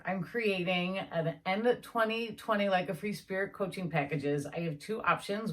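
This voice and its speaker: A woman life coach leading a guided imagery meditation, soothing and encouraging, bursting into excited affirmations. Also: on the low side.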